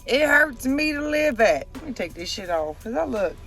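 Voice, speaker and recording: A woman vlogging on a phone, talking loud and profane as she calls her viewers y'all and honey. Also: high voice, sing-song, moderate pace. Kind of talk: casual vlog chat. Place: in a car and around a store.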